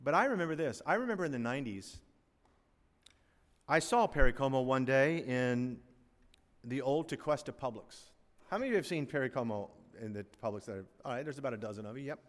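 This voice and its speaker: A man, an older pastor, preaching a sermon, animated, swinging between loud emphasis and quiet asides. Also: medium pitch, brisk. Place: church sanctuary. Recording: long reverb of a large hall.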